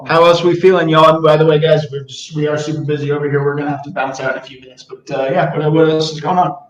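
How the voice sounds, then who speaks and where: A man's voice: fairly high pitch, little pitch movement, fast, highs cut off. Easygoing man on echoey voice call. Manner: easygoing, casual swearing, urges care. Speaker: studio team member co-hosting AMA. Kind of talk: casual community voice chat. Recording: echoey voice chat.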